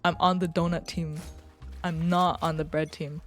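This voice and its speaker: Low-voiced young woman rambling casually. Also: little pitch movement, moderate pace, soft background music. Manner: rambling, profane and joking. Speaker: streamer. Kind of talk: casual live-stream chat.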